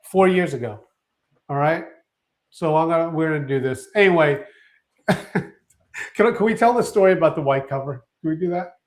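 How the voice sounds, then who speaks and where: A man co-hosting a casual live-stream chat, talking excitedly and often restarting his sentences. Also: on the high side, moderate pace, pauses often. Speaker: co-host.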